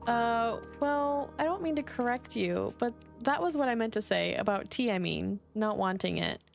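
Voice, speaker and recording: A woman's voice: fairly high pitch, moderate pace, creaky, faint music behind. A woman reading the lines of a shy caped customer who speaks hesitantly and keeps apologizing. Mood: timid. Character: timid awkward caped customer.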